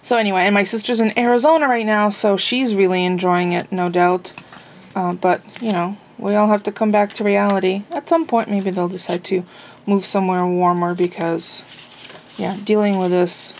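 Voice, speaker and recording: A woman's voice: mid-range voice, steady tone, normal speed, a little hiss or hum, rough recording. Chatty woman rambling in her home vlog. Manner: rambling, self-amused, lots of fillers; cooking while talking. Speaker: vlogger. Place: home kitchen.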